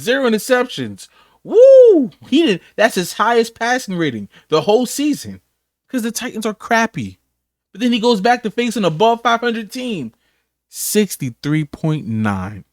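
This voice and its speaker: A man's voice: sits high, no echo. Guy hyped up reading football stats, whooping, voice bouncing all over, dry sound. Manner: animated, whooping, rattling off stats. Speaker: sports reaction streamer. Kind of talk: sports reaction rant.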